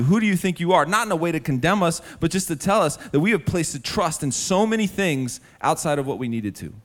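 Animated, fairly high-voiced male preacher. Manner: animated storytelling with sudden drops to a hushed, earnest tone; direct address to the congregation. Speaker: preacher and musician. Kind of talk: sermon.

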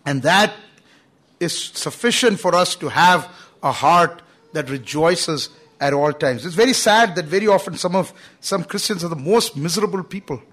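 A man delivers a sermon in an earnest, emphatic way. His voice sits fairly high for a man, and he leans on key words, tossing in "you know" as he goes. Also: lively intonation, moderate pace, fairly bright tone, breathy edge. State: coughing at times. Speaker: preacher.

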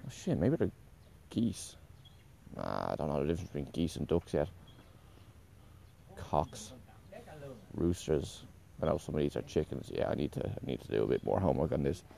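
A man's voice: very deep voice, big pitch swings, normal speed, creaky, long pauses, warm tone. A man talking in a casual, meandering monologue, correcting himself often and swearing offhandedly.

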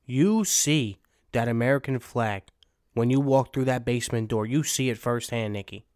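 A man's voice: mid-range voice, normal speed, darkish tone, no room sound, clean studio sound. A man hosting a podcast, chatting casually with a guest in a playful, mock-stern way. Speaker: podcast host.

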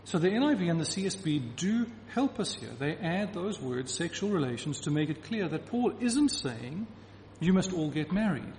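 A man's voice: a little high, sing-song, moderate pace, few pauses, a little mellow, slight background noise. A man preaching a sermon to a congregation, emphatic and repeating key phrases to drive his point home. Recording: reverberant hall with faint ambience.

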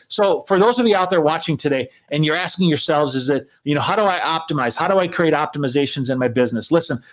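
A man with a fairly high voice hosts a live business broadcast in a loose, conversational way. He talks straight to his viewers and often stops and repeats himself with fillers. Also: rough recording. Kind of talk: casual conversational talk to viewers.

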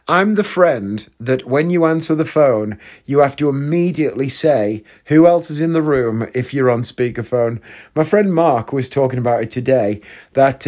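A man's voice: mid-range voice, a little mellow. A young man hosting a podcast, telling rambling comic stories and swearing freely. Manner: chatty, swears freely, jumps between anecdotes. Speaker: podcast host. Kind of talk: casual comedic monologue.

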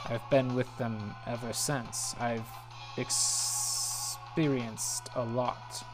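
A remorseful young man from a video game, read by a woman, speaking low, quiet and slow with a heavy, subdued delivery. The voice sits deep. Faint music plays under it. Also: steady tone, full character voice. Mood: solemn.

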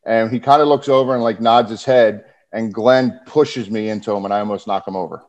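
A man's voice: on the low side, fairly even intonation, a little fast, darkish tone. A man who is a former pro wrestler, a podcast guest telling stories casually and animatedly, often laughing as he talks. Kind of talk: casual storytelling. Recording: muffled lo-fi podcast audio.

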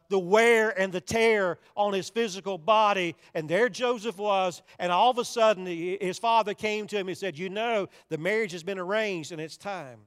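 A man's voice: sits high, a bit bright. An older man preaching a sermon, telling a story with drama and acting out the voices in it. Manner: dramatic storytelling, acts out quoted voices, repeats words. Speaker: pastor. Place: church sanctuary. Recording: long reverb of a large hall.

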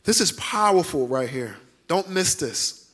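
A man's voice: fairly high pitch, expressive, a little slow, fairly bright tone. A male pastor preaching a sermon emphatically, repeating key lines and acting out quoted voices.

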